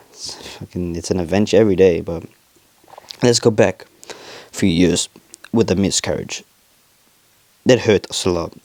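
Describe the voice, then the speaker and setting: A young man hosting his own podcast, talking in a rambling, confessional way with lots of swearing and halting restarts. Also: deep voice, darkish tone, dry recording. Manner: confessional, emotional. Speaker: podcast host. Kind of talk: casual personal monologue.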